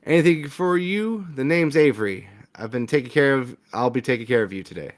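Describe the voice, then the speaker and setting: A man's voice: mid-range voice, expressive, fairly quick, natural voice. A man voicing an easygoing diner waiter who greets customers casually. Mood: friendly. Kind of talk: reading a visual novel aloud with voices.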